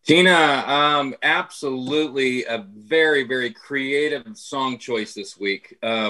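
A man judge giving encouraging feedback, halting with many ums. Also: mid-range voice, bright, forceful tone, rough recording.

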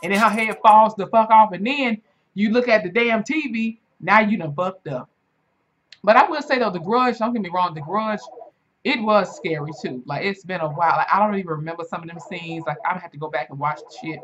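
A woman in her twenties hosting a reaction video, telling stories in a casual, animated and profane way. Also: a little fast, muffled recording, slight background noise. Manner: animated, profane storytelling with big pitch swings.

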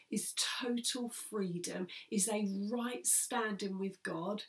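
A woman's voice: mid-range voice, slow. A woman pastor preaching an earnest sermon, repeating key phrases for emphasis and sometimes dropping almost to a whisper.

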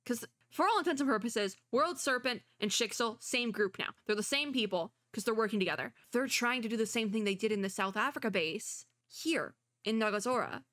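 Brief: young woman VTuber, bright voice, excitable reactions, dry close sound. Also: fairly high pitch, brisk, no echo. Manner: excitable, talks back at the characters on screen. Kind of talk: playthrough commentary, reading story text aloud.

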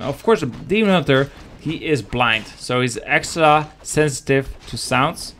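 A man's voice: medium pitch, expressive, measured pace, few pauses, a bit bright, a little hiss or hum. A man casting a live strategy game match, joking and chatting with his viewers. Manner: joking, chatty, talks to the chat. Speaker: game caster. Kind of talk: live esports commentary.

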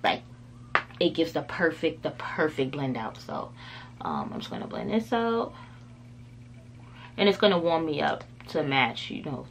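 A woman's voice: sits low, big pitch swings, unhurried, gravelly, pauses often, slight background noise. A woman beauty vlogger chatting casually through a makeup tutorial, rambling with lots of filler words.

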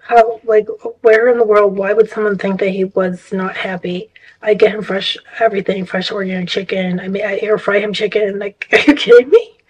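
A woman's voice: medium pitch, fairly even intonation, normal speed, slightly rough, rough recording. A woman vlogger telling a story in casual, rambling chat, exasperated and full of restarts.

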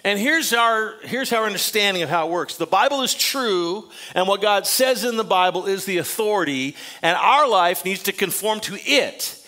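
An older male pastor delivers a sermon in a high, bright voice. He preaches emphatically, then drops into quiet asides to his congregation. He speaks in a church sanctuary. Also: expressive, moderate pace, hardly any pauses.

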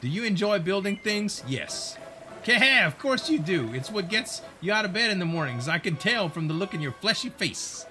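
A swaggering, mocking skeleton pirate, put on by a man with a put-on British pirate accent. The voice sits high and bounces lively up and down as he teases. Game music plays steadily behind. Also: normal speed, full character voice. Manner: teasing, swaggering. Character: cocky male skeleton pirate sailor, gruff and mocking.

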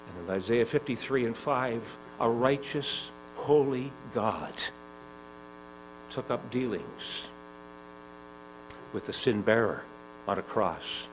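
A man preaching a sermon in a gospel hall, rising to loud urgent climbs and dropping to slow, soft lines, often repeating himself and asking the listeners questions. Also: mid-range voice, animated, a little hiss or hum. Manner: repeats phrases, asks the congregation questions.

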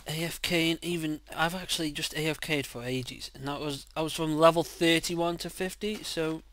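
Bright-voiced man narrating his gameplay. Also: on the high side, normal speed. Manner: excitable, swears loudly when frustrated. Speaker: gaming channel host. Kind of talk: casual let's-play commentary.

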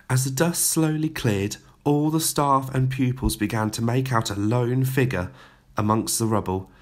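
Lively, expressive male storyteller. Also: medium pitch. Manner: expressive, dramatic storybook narration. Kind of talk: reading a children's story aloud.

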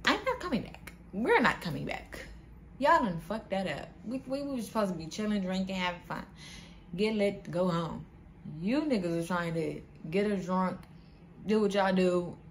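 A young woman vlogger telling a storytime to her viewers in an animated, slangy way, often calling them "y'all". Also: mid-range voice, moderate pace, slight background noise. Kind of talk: casual storytime vlog.

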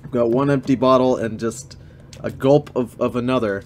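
A man's voice: mid-range voice, steady tone, moderate pace, darkish tone, slight background noise. A man streaming live, reading fan fiction aloud with joking, incredulous commentary and some swearing.

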